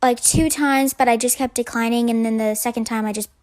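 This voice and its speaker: A woman's voice: on the high side, steady tone, fairly quick, darkish tone. A young woman casually telling a personal story in parts, hesitant with many fillers.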